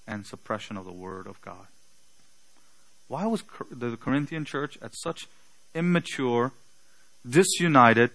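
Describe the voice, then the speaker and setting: Bright, forceful preacher with a slight accent. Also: male voice, mid-range voice, poor audio. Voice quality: slight non-native accent. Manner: slow, deliberate speaker with emphatic rhetorical questions. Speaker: pastor. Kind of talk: sermon.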